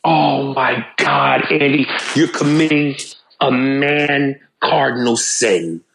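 A man's voice: mid-range voice, slow, gravelly, fairly bright tone, reverberant, slight background noise. A man co-hosting a podcast in casual, profane, rambling chat. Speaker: podcast co-host.

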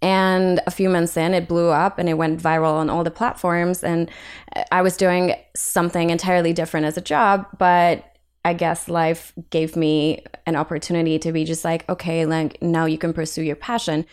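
A woman's voice: fairly low pitch, normal speed, clear, resonant tone. A young adult woman from Hungary with a Hungarian accent, talking frankly as an illustrator guest on a podcast interview. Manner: frank, animated, laughs often.

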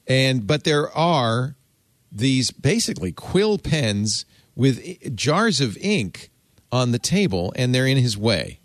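A man hosting a casual tech podcast, animated and jokey, going soft and low when talking about something personal. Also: takes it slowly, no echo. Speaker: host.

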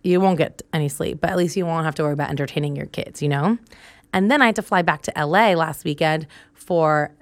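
A woman's voice: deep voice, quick pace, no room sound. A young woman hosting a solo podcast, telling a story in a chatty way and laughing often. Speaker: podcast host.

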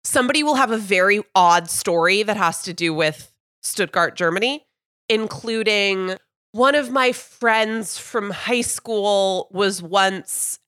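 A woman's voice: mid-range voice, fairly bright tone, no echo, studio quality. A young woman podcast host telling a rambling anecdote in casual sports chat. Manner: chatty, rambling anecdotes with fillers.

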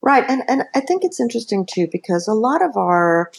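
A woman's voice: fairly high pitch, big pitch swings, fairly quick, gravelly. A woman author speaking as a podcast guest, explaining earnestly with many asides. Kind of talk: podcast interview.

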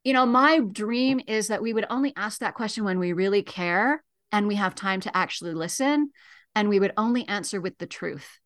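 A woman speaks as a guest on a radio show. She explains calmly and earnestly, in a mid-range voice. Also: medium pitch, moderate pace. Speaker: grief educator, guest. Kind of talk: radio interview.

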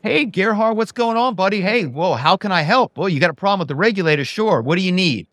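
A man doing a corporate vice president who turns gushy and buddy-buddy, his pitch jumping high with eagerness. He sounds quick and overly friendly. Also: no room sound. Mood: starstruck. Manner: overly chummy and excited.

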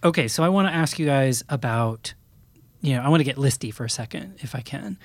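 A man's voice: medium pitch, expressive, brisk, dry recording. A man hosting a podcast, casually and upbeat, asking his guests questions. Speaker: podcast host.

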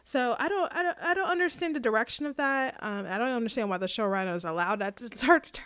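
Woman podcast co-host, fairly high voice, chatty recap, laughs easily, dry close mic. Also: fast talker, no echo. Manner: chatty, laughs often, animated when retelling scenes. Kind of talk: casual chat.

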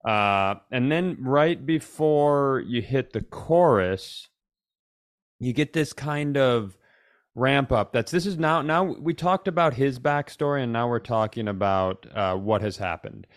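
A man's voice: medium pitch, lively intonation, measured pace. A man co-hosting a casual comedy podcast, joking around and sometimes breaking into an exaggerated twangy sing-along. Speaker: podcast co-host.

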